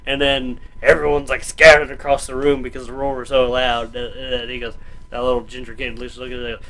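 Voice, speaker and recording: A man's voice: medium pitch, flat delivery, fairly quick, pushed and bright, slight background noise, low-quality recording. A man co-hosting a casual podcast chat, telling stories with lots of laughter and acted-out quotes. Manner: laughing storyteller, swearing, acts out scenes. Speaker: podcast co-host.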